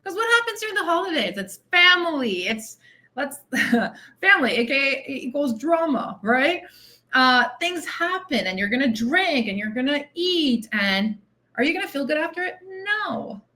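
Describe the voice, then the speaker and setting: A woman's voice: high voice, big pitch swings, unhurried, pushed and bright. A woman weight loss coach giving a direct, tough-love motivational monologue on her podcast, repeating phrases for emphasis.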